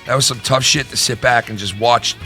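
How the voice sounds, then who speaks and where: A man's voice: medium pitch, steady tone, a little fast, pushed and bright, faint music behind. A middle-aged man hosting his own channel, ranting in a heated, profane way and repeating himself. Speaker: YouTube channel host. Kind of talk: vlog rant to viewers.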